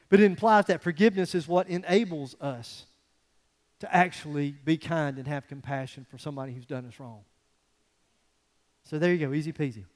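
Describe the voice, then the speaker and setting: A male pastor giving a conversational, animated sermon with folksy asides to the congregation. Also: high-pitched, big-room sound.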